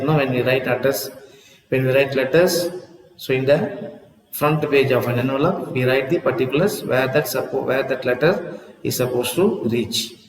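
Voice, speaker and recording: A man's voice: mid-range voice, roomy sound, big-room sound, far from the mic, poor audio. A man teaching an English lesson, repeating words aloud and checking in with "see?" as he explains. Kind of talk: classroom lesson on word stress.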